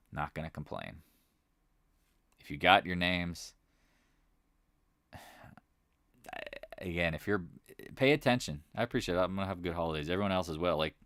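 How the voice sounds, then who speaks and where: A man's voice: sits low, dry recording, clean studio sound. A man hosting a live market chat, talking in a loose, rambling way and often restarting his sentences. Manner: rambling, conversational, restarts and repeats himself.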